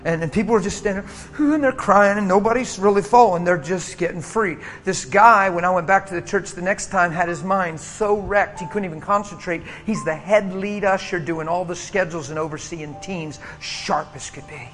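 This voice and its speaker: A high-voiced male preacher tells a healing story to a congregation. He swings from hushed whispers to sudden loud bursts. Music plays under the voice. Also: normal speed, few pauses. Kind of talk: sermon testimony.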